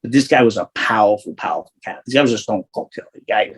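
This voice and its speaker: A man's voice: lowish voice, fast, over a noisy crowd, rough recording. A man, an interview guest telling rambling, profane street stories full of restarts. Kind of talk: casual storytelling.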